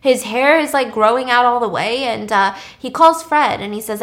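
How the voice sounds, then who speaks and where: Woman, casual storyteller, animated, higher voice, slips into characters' lines. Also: normal speed. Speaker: storyteller recapping a film. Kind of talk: casual retelling of a film plot.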